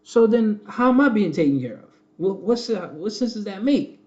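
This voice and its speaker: Male host, higher-pitched, preachy and repetitive; dull lo-fi audio. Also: animated, normal speed, mellow. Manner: preachy, repetitive, addresses viewers as family. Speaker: channel host. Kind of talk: casual live-stream commentary.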